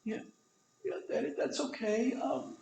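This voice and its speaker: A man voicing a weak, sick little girl who speaks softly and faintly to her father in an echoey room. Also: measured pace, gravelly, distant mic, a little hiss or hum, exaggerated voice. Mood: weak, tender. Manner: soft, faint and high.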